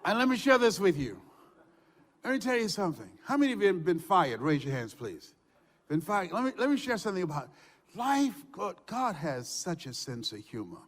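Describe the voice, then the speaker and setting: An older man giving a motivational speech, telling stories with shouts and laughter. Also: high-pitched, normal speed. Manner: animated storytelling with shouts and laughs. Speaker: motivational speaker. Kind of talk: motivational speech to a live audience. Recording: hall reverb.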